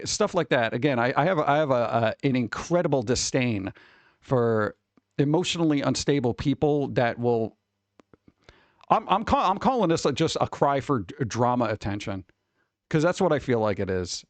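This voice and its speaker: A swearing, exasperated man rants on a casual livestream, sneering at the people he reads about and tossing off quick mocking impressions. His voice sits at an ordinary middle pitch, and the sound is close and dry with no room around it. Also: animated, no room sound. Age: adult who worked at a record store. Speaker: streamer reacting to advice posts.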